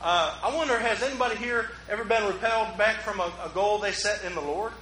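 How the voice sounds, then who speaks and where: Man, pastor, bright tense voice, self-mocking humor, church echo, faint ambience. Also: high-pitched, quick pace, slight background noise. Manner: joking, self-mocking, talks with the congregation. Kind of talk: conversational sermon. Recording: roomy hall echo.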